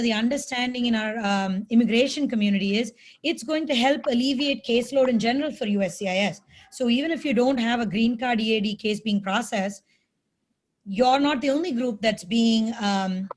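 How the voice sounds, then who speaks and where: A woman's voice: a little high, fairly quick. A woman hosting an immigration webinar, talking conversationally and checking in with "right?" and "you know". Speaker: webinar host. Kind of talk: hosted webinar discussion. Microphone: video call.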